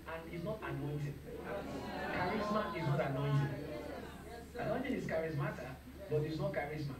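A man's voice: a little high, noisy background. A man preaching a sermon in a church, emphatic and calling on the congregation to repeat his words. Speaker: pastor. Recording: echoey hall, voice from far off, crowd.

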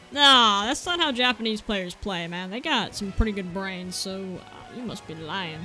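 A woman giving excitable gameplay commentary, yelping and cracking crude jokes. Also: mid-range voice, moderate pace, few pauses, soft background music. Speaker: gaming YouTuber.

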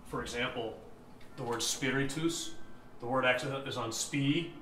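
Counting beats aloud and asking "right?" again and again, a man teaches chant rhythm step by step with sung examples. His mid-range voice has a sharp tone and normal speed; the echoey room carries faint ambience and slight background noise.

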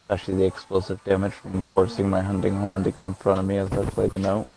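Low, quick, gravelly male gamer chatting over game music. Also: completely flat delivery, crowd noise, rough recording. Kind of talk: casual gameplay chat.

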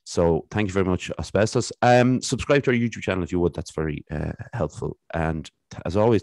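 A man hosting a podcast, introducing a guest in a relaxed way with plenty of fillers. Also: deep voice, no echo, studio quality. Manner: relaxed, filler-heavy delivery. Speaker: podcast host.

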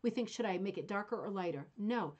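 A woman's voice: mid-range voice, animated, fast talker, a little mellow, highs cut off. A woman hosting a craft club show in a casual teaching chat, chatty and enthusiastic, rambling and often checking in with "right?".

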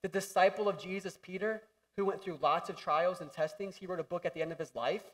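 Animated high-voiced male pastor. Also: quick pace, recorded from a distance. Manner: animated, jokey, acts out voices and shouts for emphasis. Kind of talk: sermon. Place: church hall.

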